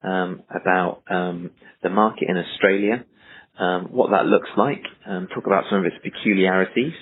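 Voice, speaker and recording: A man's voice: sits low, fairly even intonation, moderate pace, slight background noise. A man co-hosting a podcast, setting up the topic in a hesitant way with many "um" fillers, often trailing off. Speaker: podcast co-host. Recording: narrow phone-like audio.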